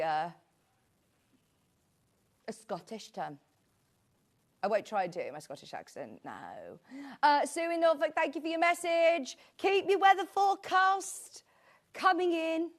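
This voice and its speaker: A woman's voice: a little high, very animated, unhurried, long pauses. A British woman presenting a live shopping show, chatting in a rambling, friendly way with asides. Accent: British English. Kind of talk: live sales chat.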